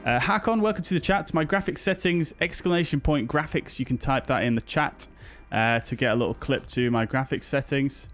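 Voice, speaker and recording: A man's voice: mid-range voice, brisk, few pauses, a bit bright, soft background music. Chatty British man greeting stream viewers. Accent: British English. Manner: chatty, greets viewers one by one, many fillers. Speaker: flight sim streamer. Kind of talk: casual live-stream chat.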